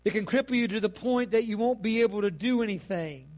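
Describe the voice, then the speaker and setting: High-pitched male preacher, fervent sermon delivery building to shouts. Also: quick pace. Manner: rising to fervent shouting, punctuated with amen.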